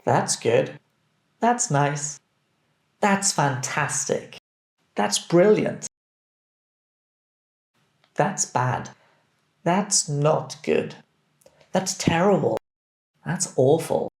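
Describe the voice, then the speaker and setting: A man teaching English, reading phrases deliberately and clearly so that learners can repeat them. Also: fairly high pitch, expressive. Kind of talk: scripted language drill. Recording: roomy echo.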